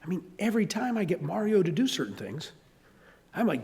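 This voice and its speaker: A man's voice: high-pitched, fairly quick, long reverb tail. An older man with a Southern US accent preaching a sermon, telling stories and acting out voices. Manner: animated storytelling, acting out voices. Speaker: pastor.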